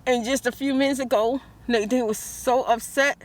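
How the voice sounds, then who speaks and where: A woman's voice: on the high side, fairly even intonation, moderate pace. A woman vlogs about her stressful morning, praying aloud and restarting her sentences, out near a car. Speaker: vlogger. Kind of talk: emotional vlog monologue.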